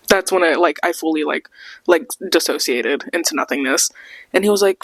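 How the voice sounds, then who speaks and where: A woman's voice: on the low side, lively intonation, a little fast, slightly rough, no room sound. Young female podcast host, casual storytime, frequent cursing, dry close sound. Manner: rambling, swears a lot, acts out quoted voices.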